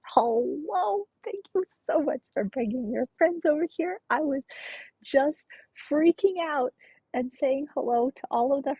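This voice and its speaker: A young woman game streamer chatting casually and excitedly, gushing greetings to her viewers with a breathy voice. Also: sits high, no echo, lo-fi sound. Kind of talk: casual live-stream chat.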